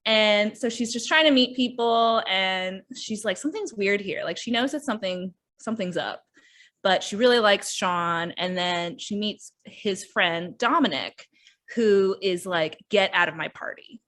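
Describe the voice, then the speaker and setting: A woman's voice: mid-range voice, unhurried, a bit bright. A woman hosting a podcast, casually reviewing books and acting out the characters' lines as she retells the story. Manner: chatty, often acts out characters' lines. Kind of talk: casual book review chat.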